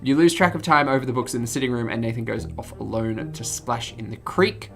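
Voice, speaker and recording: A woman's voice: extremely low pitch, brisk, soft background music. A woman streamer reading game text aloud with jokey asides, giggling and tripping over words.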